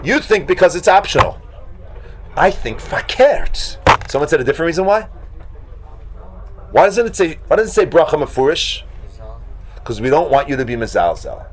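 A man leading a Talmud class, animated, acting out the voices in the debate and breaking into shouts. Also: high-pitched, brisk, a little hiss or hum. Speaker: Talmud teacher. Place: classroom with students.

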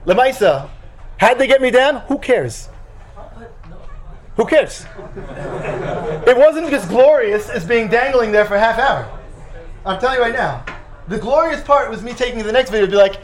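A high-voiced man teaching a Torah lesson as a rabbi. He tells a personal story with lots of energy and acts out each line of dialogue himself, switching between the voices of the people in it. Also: normal speed, pauses often. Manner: animated storyteller, acts out his own dialogue.

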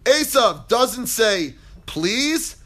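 A man teaching a Torah class as a rabbi, acting out quotes dramatically with big swings in pitch and volume. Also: very animated, extremely slow, a bit bright. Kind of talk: animated Torah lecture.

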